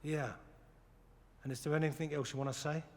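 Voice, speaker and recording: A man's voice: fairly high pitch, flat delivery, fairly quick, a little mellow, in a large hall, natural voice. An actor playing a cocky male poker player who talks in a dry, taunting way.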